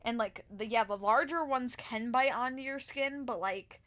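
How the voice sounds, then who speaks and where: A woman's voice: fairly high pitch, moderate pace, fairly bright tone. A young woman streaming a game and telling a rambling, exasperated story about work, full of restarts and fillers. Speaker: live streamer. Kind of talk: casual storytelling while gaming.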